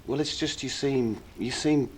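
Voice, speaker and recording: A man's voice: medium pitch, unhurried, darkish tone, breathy edge. An actor playing an easygoing young man, plain and puzzled in his talk. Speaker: private detective. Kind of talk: TV drama acting.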